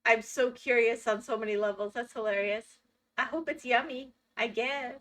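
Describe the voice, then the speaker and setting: A woman's voice: a little high, moderate pace, fairly bright tone. A woman streaming live, reacting to a video with chatty asides and tangents.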